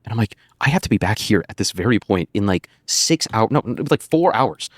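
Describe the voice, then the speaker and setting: A man's voice: fairly low pitch, expressive, fairly quick, dry recording, studio quality. An American man, a podcast guest, telling a rambling anecdote with laughter and swearing. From United States. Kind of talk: casual storytelling on a podcast.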